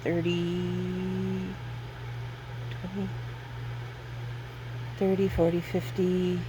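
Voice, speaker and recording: Rambling, slow-talking woman in her fifties. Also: lowish voice, monotone, noisy background. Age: 50s. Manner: rambling, self-deprecating, laughs often. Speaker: vlogger. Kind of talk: casual storytelling vlog.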